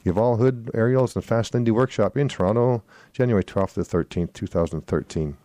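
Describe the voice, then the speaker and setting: A man's voice: lowish voice, brisk, dark tone. A man hosting a swing music radio show, reading event listings in a rambling way and correcting his own slips. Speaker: radio host. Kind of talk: casual radio announcements.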